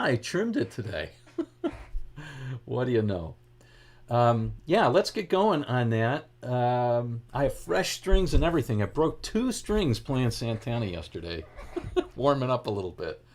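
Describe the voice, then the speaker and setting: A middle-aged man with a light Boston accent, talking at a medium pitch. He chats easily as he hosts a guitar livestream, with relaxed asides as he greets each viewer by name. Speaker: guitar teacher hosting a livestream. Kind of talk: casual livestream chat.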